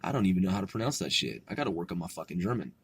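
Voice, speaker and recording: A man hosts a casual solo podcast, rambling excitedly with profanity, laughing at himself and tripping over foreign words. His low voice is rapid-fire and creaky with a breathy edge, and there's no echo.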